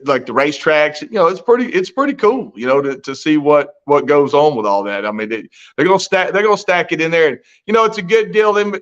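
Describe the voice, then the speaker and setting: A man's voice: fairly high pitch, fairly bright tone, dull audio. A man co-hosting a podcast, rambling in a folksy way with mild swearing. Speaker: podcast co-host. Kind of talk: casual podcast chat.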